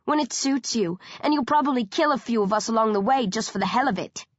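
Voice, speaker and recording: A woman's voice: a little high, lively intonation, fast, no echo, highs cut off. A woman voicing a brash, defiant teenage zombie girl who snarls and mocks. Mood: hostile. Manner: snarling, sarcastic.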